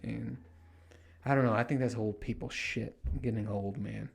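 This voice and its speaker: Middle-aged male host, casual rambling monologue, swears a lot, jumps into high panicked quotes. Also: moderate pace, vocal fry, breathy edge. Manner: animated, swears freely, acts out panicked quotes in a higher voice. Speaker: podcast host.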